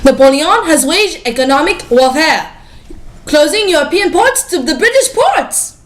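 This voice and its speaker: A woman's voice: high voice, sing-song, unhurried. A teenage girl playing a news anchor in a playful school project news parody.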